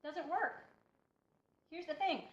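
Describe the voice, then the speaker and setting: A high-voiced woman lectures in a blunt, preachy way, pressing her points hard. Her voice carries a roomy echo, and the recording sounds dull and lo-fi. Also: slow. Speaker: healthy-eating coach. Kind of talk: motivational talk to camera. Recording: echoey room, dull lo-fi sound.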